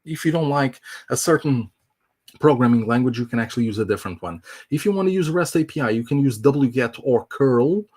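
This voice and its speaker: A man's voice: medium pitch, expressive, a little fast, darkish tone, slightly rough. Casual man walking through a tech demo. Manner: casual, filler-heavy explaining. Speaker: tech presenter. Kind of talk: live online tech demo.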